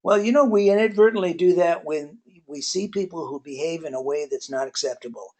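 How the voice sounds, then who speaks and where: A man giving a relaxed webinar talk on workplace accountability, telling folksy personal stories with many pauses and filler words. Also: fairly high pitch. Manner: folksy storyteller.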